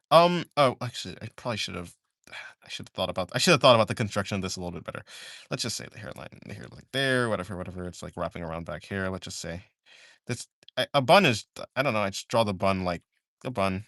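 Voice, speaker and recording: A man's voice: sits low, lively intonation, quick pace, a bit bright, no echo, studio quality. A young man chatting casually on a live art stream while he draws, rambling and drowsy, often trailing off into mumbles.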